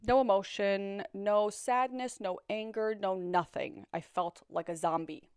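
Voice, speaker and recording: A woman's voice: mid-range voice, steady tone, a little slow, clean tone, no echo, clean studio sound. A young woman telling her own story in a candid, reflective way, often repeating words as she searches for them. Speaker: survivor sharing her story. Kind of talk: personal storytelling.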